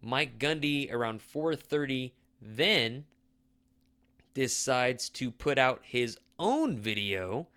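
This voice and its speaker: Bright-voiced man ranting about sports. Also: clear, resonant tone. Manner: opinionated, exasperated rants, rising pitch when heated. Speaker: sports talk host. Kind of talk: casual sports chat.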